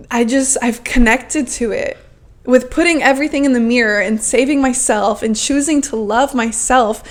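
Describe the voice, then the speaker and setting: A woman in her early twenties, her voice a little high, hosts a podcast with a fervent, emotional self-help monologue. She says "like" often and swears freely.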